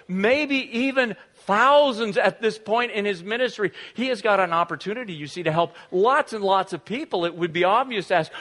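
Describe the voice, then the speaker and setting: A man's voice: high-pitched, sharp tone, big-room sound. A middle-aged man preaching a sermon, telling a family story with many restarts and fillers. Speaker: pastor.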